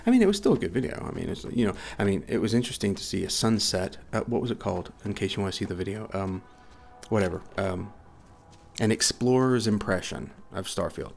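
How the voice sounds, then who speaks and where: A man's voice: on the low side, lively intonation, fast talker, gravelly, a little mellow. Rambling, sleep-deprived man talking games. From United States. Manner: rambling, repeats words, says okay a lot. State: short on sleep. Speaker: gaming YouTuber. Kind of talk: casual rambling video chat.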